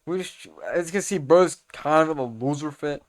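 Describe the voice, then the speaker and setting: A young man talks through a comic story in a loose, slangy ramble, often stopping to correct himself. His voice sits a little high and sounds smooth and resonant. He turns loud and excited when the action heats up. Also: moderate pace. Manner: rambling, slangy, self-correcting, gets loud and excited over fight scenes. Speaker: video creator explaining comics. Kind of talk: casual comic recap commentary.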